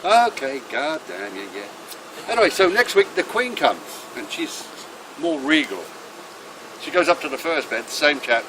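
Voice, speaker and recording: A man telling a long, earthy joke in an animated voice. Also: fairly high pitch, moderate pace. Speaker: joke teller. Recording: noisy room.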